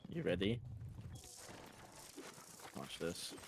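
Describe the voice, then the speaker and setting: A man's voice: sits low, big pitch swings, drawn-out words, noisy background. A man playing a game with friends, laid-back and chuckling. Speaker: co-player. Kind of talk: casual gaming chat.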